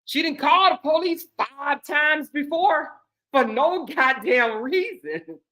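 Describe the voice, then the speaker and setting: A woman hosting a vlog, talking in a sarcastic, animated, slangy commentary style. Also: sits high, takes it slowly. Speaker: vlog host.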